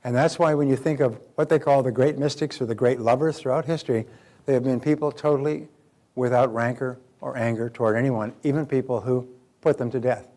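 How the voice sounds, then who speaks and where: A man giving a live motivational seminar talk, animated, acting out quoted dialogue. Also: medium pitch, fairly quick. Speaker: motivational speaker.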